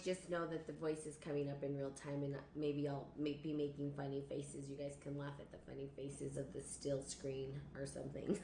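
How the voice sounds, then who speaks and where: Rambling woman hosting a spiritual live stream. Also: sits low. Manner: rambling, repeats phrases, laughs, greets viewers. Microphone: computer or phone on a live stream. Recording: echoey room with faint noise.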